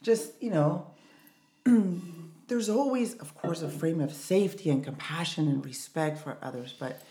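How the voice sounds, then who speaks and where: A woman's voice: sits low, a little slow, mellow, roomy sound. A middle-aged woman hosting a podcast, talking in an emphatic, encouraging way. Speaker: podcast host. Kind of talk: podcast conversation.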